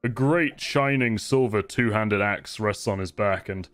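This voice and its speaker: A man narrating as game master, describing scenes in a relaxed, rambling, descriptive way. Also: on the low side, measured pace. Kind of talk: improvised tabletop narration.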